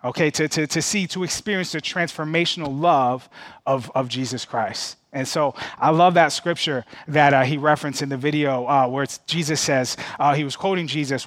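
A man's voice: a little high, moderate pace, fairly bright tone, no echo. A middle-aged man preaching a conversational sermon, full of stammered restarts and "okay?" check-ins to the congregation. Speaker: pastor.

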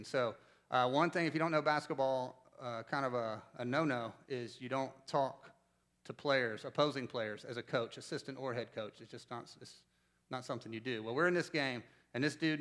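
A man in his forties from North Carolina preaching a sermon as pastor, telling stories conversationally and asking the congregation questions. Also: medium pitch. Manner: conversational storytelling, animated, asks the congregation questions.

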